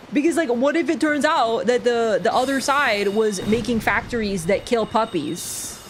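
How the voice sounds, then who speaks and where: A woman's voice: a little high, normal speed, few pauses, slight background noise. Young woman gamer streaming, sarcastic teasing chat, crickets buzzing behind her. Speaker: livestreamer. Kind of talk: casual gaming livestream chat.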